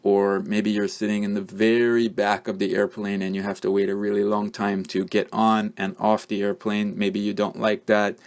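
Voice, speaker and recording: Man, English teacher, patient explaining, lowish voice, lots of ums. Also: a little mellow. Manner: patient, repeats examples with frequent ums. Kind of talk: explanatory lesson.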